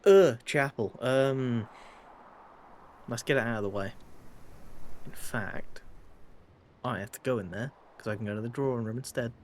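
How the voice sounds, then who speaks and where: A man's voice: medium pitch, normal speed, long pauses, slight background noise. An English man casually commenting on his gameplay as a streamer, wry and playful, sometimes slipping into mock-posh phrasing. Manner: playful, wry, slips into put-on posh voices.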